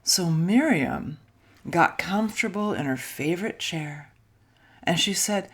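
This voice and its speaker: A woman minister reads a children's story aloud in a church service. Her voice is gentle and a little low, and she takes her time, sometimes sinking to a near whisper. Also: animated, unhurried, breathy edge. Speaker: intern minister.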